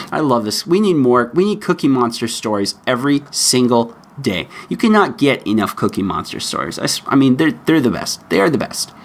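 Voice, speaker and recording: A man hosting a solo podcast in a casual, opinionated and chatty way. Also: medium pitch. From United States. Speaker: podcast host.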